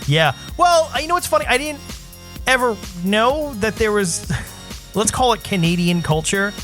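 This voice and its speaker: Male co-host; relaxed jokey banter, animated pitch, easy yeah-filled rhythm. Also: unhurried, faint music behind. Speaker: podcast co-host. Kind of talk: casual chat.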